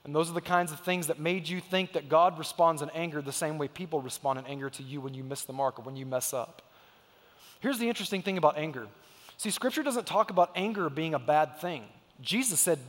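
A man in his thirties preaches to his congregation with a high voice. He tells family stories with emphasis and acts out the voices in them. His words ring out with a long reverb through the church hall. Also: expressive, fairly quick. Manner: emphatic storytelling, acts out quotes. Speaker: pastor. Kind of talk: sermon. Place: church sanctuary.

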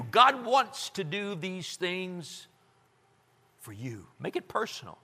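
A man preaching a sermon as a pastor, moving from loud cries to hushed whispers. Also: high voice, big pitch swings, slow pace, husky. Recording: long hall reverb.

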